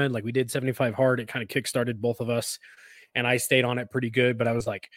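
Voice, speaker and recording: A man co-hosting a casual podcast who tells rambling stories and laughs easily. His voice sits at a middle pitch, and the recording is dry and close. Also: quick pace, a bit bright, no room sound. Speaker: podcast co-host.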